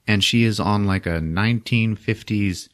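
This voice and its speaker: A man's voice: on the low side, moderate pace. A man hosting a podcast, recapping a movie casually with lots of swearing and 'like'. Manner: animated, profane, full of 'like'. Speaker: podcast host.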